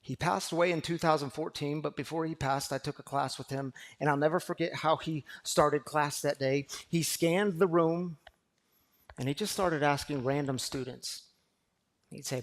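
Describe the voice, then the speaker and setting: A man, pastor of a recovery community, preaching a sermon that moves from quiet storytelling to loud, fervent exhortation. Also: on the high side, moderate pace.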